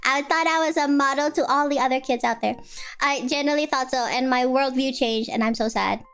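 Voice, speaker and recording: High-voiced young woman telling rambling stories. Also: fairly quick, clean tone, soft background music. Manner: rambling, animated storytelling with many fillers. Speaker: streamer. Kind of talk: casual chat.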